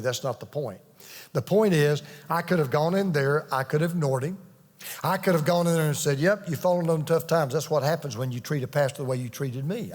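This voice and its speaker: Earnest pastor preaching in a reverberant hall. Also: male voice, fairly high pitch. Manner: earnest storytelling, emphatic with restarts. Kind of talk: sermon. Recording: long reverb of a large hall.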